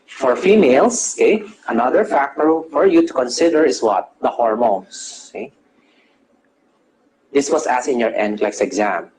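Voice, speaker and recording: On a rough recording with slight hiss or hum, a male nursing lecturer speaks in a mid-range, somewhat mellow voice. Nearly every phrase ends with "okay?" as he quizzes the class, responds to his own questions, and defines English terms along the way.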